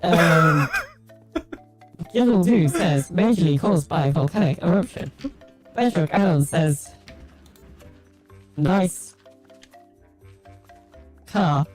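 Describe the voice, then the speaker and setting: A woman reading live chat messages aloud on a livestream in an unhurried way. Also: on the low side, lively intonation, a little mellow, soft background music, low-quality recording. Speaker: chat reader.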